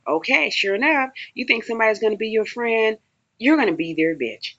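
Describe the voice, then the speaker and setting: A woman's voice: on the high side, expressive, brisk, fairly bright tone. A woman shares stories from her time behind bars in a loose, conversational way. She leans hard on repetition, saying the same warning over and over for emphasis. The recording sounds dull and lo-fi. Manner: emphatic, warning, repeats phrases for effect. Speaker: former inmate telling prison stories. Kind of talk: casual storytelling to camera.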